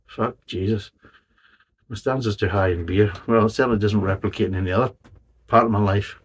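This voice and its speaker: A man hosting a beer review channel, rambling through his thoughts with blunt, sweary candour. His voice is husky and sits a little low. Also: steady tone, a little fast. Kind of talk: casual review monologue.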